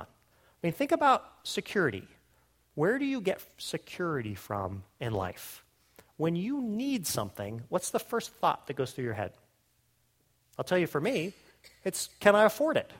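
A male pastor preaching a sermon, asking the congregation questions and dropping to a hushed voice when quoting Jesus. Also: medium pitch. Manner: animated, questioning, drops to a hushed voice for quoted words of Jesus.

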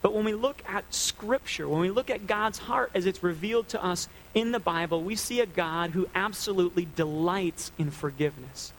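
A man's voice: high-pitched, moderate pace, few pauses, a little hiss or hum, poor audio. A man preaching a sermon as a pastor, earnest and conversational.

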